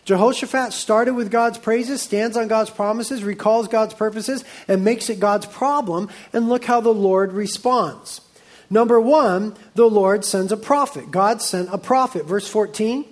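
A middle-aged male pastor delivers a sermon, reading scripture aloud and slipping into lively asides. His voice is high-pitched and his delivery unhurried.

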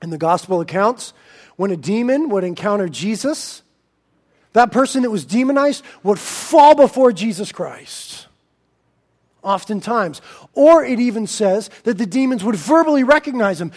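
A male pastor preaching a sermon in an animated, emphatic way, swinging between loud and soft. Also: high voice, normal speed.

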